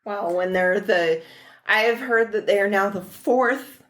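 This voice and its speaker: A woman co-hosting a casual podcast, speaking slowly and chattily. Her pitch sits in the middle range. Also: a bit bright. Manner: unhurried, chatty, laughs often. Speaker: podcast co-host. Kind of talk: casual chat.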